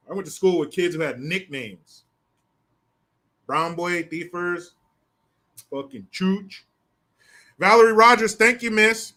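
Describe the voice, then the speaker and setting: An older man hosting a solo commentary stream, talking in a profane, mocking and animated way. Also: high voice, unhurried, pauses often. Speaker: political commentary host.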